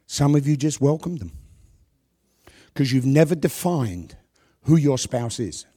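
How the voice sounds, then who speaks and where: A middle-aged man preaching a sermon to a congregation on a handheld microphone, with a worn voice, asking rhetorical questions and pausing for effect. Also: mid-range voice, very animated, slightly rough. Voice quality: voice worn from past yelling. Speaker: pastor.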